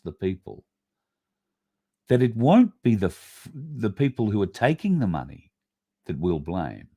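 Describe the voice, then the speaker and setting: A livestream host with a lowish, husky voice speaks at a measured pace with big pitch swings. He rants bluntly, swearing and bursting out loudly at times, as he reads viewer comments.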